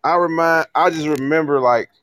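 Male podcast co-host, casual storyteller who slips into mock voices, slightly high, dry close sound. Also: moderate pace, fairly bright tone, no echo. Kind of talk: casual group chat.

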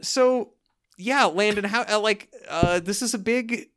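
A man's voice: high-pitched, a little slow. A man co-hosting a podcast, chatting casually and joking playfully about a sitcom episode. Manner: playful, jokey, animated. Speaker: podcast co-host. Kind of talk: casual chat.

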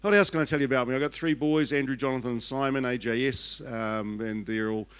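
Chatty older Kiwi pastor, joking. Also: male voice, mid-range voice, fairly even intonation, fairly quick, fairly bright tone, smooth. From New Zealand. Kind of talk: sermon.

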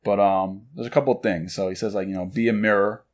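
A man co-hosting a relaxed chat, talking loosely with many fillers and acting out quoted lines. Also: low voice, fast. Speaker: podcast co-host. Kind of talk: casual chat about books.

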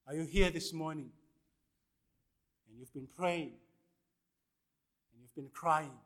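A male pastor, preaching a sermon and calling out to the congregation for responses, with swings between loud and hushed lines. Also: a little high, slow pace, pauses often.

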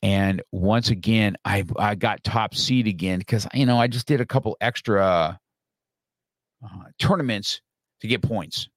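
A middle-aged man with a lowish voice tells a story on a podcast, casual and animated, slipping into the things he once said. The sound is close and dry, with no room around it. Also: measured pace, no room sound. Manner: animated storyteller, acts out his own past lines. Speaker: podcast guest.

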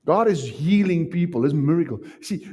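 A man preaching a sermon as pastor, animated and acting out little voices as he teaches. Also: fairly high pitch, brisk, breathy edge. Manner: animated, acts out voices, laughs often.

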